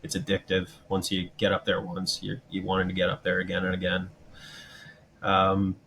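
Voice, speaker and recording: Low-voiced male band member, even and unhurried in a casual interview, faint hiss behind. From Canada. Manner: steady, thoughtful, many "um" and "you know".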